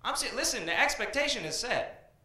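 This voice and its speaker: A man from Iran performing stand-up comedy on a small club stage, with an energetic, punchy delivery. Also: very high voice, quick pace. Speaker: comedian and open mic host. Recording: echoey club room.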